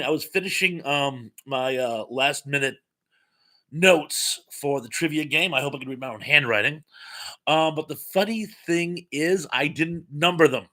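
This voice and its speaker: A man's voice: on the high side, pushed and bright. A man hosting a casual live stream, greeting viewers and reading their comments aloud in a rambling, chatty way with many fillers and playful asides. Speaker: livestream host. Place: home room with some echo. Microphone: streaming mic without headphones.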